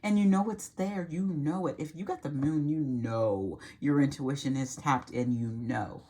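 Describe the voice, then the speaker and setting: A woman's voice: sits low, measured pace, mellow. A woman giving an earnest, reassuring tarot reading to camera, repeating phrases and trailing off mid-sentence. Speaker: tarot reader.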